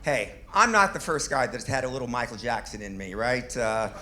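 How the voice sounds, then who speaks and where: A middle-aged man does stand-up into a stage mic. His voice is bright and forward, and it leaps around in pitch. He tells wry jokes at his own expense with a faint club hum behind him. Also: big pitch swings, moderate pace. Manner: wry, self-deprecating punchlines with chuckles. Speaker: stand-up comedian. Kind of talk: stand-up comedy set.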